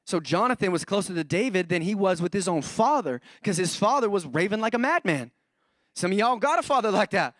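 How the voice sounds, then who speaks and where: A man in his thirties delivers a sermon with a high, bright-sitting voice, animated and playful, slipping into acted-out voices as he tells his stories. The sound is dry and close, with little room echo. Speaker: pastor. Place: church auditorium.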